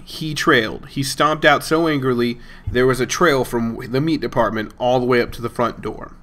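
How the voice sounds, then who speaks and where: A man's voice: mid-range voice, moderate pace, fairly bright tone. A young man hosting a gaming channel, telling a rambling, amused story in a casual tone and chuckling between lines. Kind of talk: casual storytelling over gameplay.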